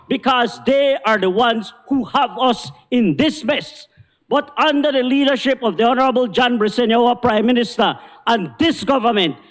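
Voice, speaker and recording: Belizean male minister, very high pitch, fiery indignant floor speech, reverberant chamber. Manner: forceful, indignant oratory, repeating "Madam Speaker". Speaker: government minister. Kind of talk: parliamentary speech. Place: parliament chamber.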